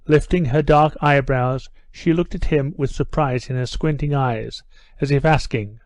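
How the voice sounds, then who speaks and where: A man reading an audiobook as the narrator, in an even, measured delivery. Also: mid-range voice, no echo. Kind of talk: scripted narration.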